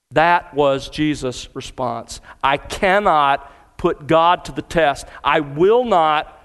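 A man's voice: fairly high pitch, clean tone, in a large hall. A man preaching a sermon to his congregation in earnest, building emphasis through repetition. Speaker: pastor. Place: church sanctuary.

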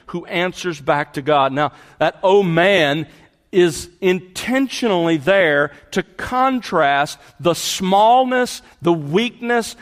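A man's voice: on the high side, long reverb tail. A man preaching a verse-by-verse sermon, stressing key words and repeating phrases for emphasis. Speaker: pastor. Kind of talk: expository sermon.

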